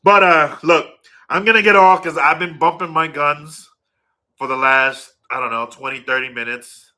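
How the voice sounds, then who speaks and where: A man's voice: a little high, steady tone, moderate pace, pushed and bright. A middle-aged man chatting casually to viewers, rambling and correcting himself as he goes. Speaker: vlogger.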